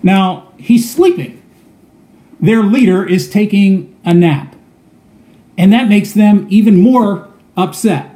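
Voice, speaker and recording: A man's voice: sits high, animated, slow, long pauses, mellow. A man preaching a sermon, telling a story earnestly and often repeating words as he goes. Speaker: pastor. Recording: echoey room.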